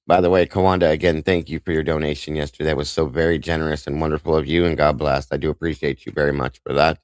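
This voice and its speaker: Very deep-voiced emotional livestream host. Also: male voice, level tone, no room sound. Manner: emotional, halting, with many restarts; warm greetings to chat viewers by name. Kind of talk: emotional live-stream chat.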